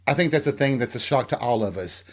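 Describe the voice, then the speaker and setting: A man's voice: mid-range voice, expressive, fast talker, very noisy. A man with a light Southern American accent, hosting a podcast and telling candid stories in a casual monologue. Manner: candid, chatty storytelling. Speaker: podcast host.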